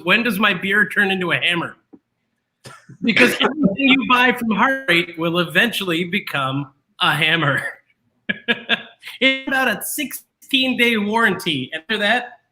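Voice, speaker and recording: A man hosting a live podcast, joking quickly and laughing often. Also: high voice, noisy background. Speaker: podcast host.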